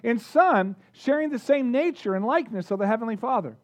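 A man preaching a sermon, energetic, drawing the congregation in with questions and call-outs. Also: very high voice, brisk. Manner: energetic, engages the audience with questions. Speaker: pastor.

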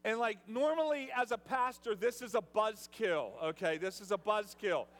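A man, a pastor, preaching a sermon in a storytelling way, repeating words and restarting, at times building to loud preaching. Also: high voice, moderate pace. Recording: long reverb of a large hall.

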